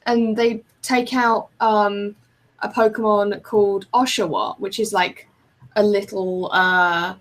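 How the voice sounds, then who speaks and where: A young woman co-hosting a casual podcast, talking in a mid-range voice. She tells animated anecdotes and acts out the exchanges she describes. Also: medium pitch, slow. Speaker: podcast host and artist. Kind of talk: casual chat.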